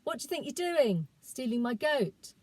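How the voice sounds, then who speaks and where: A woman's voice: medium pitch, moderate pace, warm tone, no echo, natural voice. A woman voicing a wary teenage village boy who speaks bluntly and suspiciously.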